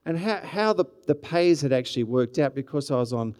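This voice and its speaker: A man's voice: on the high side, expressive, a little fast, darkish tone. A middle-aged man with an Australian accent, preaching a sermon in a conversational, storytelling way that rises in energy at times. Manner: conversational, with frequent restarts and rising bursts of energy. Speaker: pastor.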